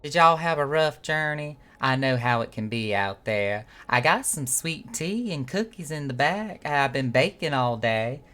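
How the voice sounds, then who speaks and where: A man's voice: mid-range voice, animated, a little slow, few pauses, pushed and bright, pitched above the performer's own voice. A man voicing a caring, down-to-earth woman hostess with a country drawl, pressing food on guests in a friendly, bossy way. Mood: hospitable. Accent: Southern US country. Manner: friendly, hospitable, bossy about offering food.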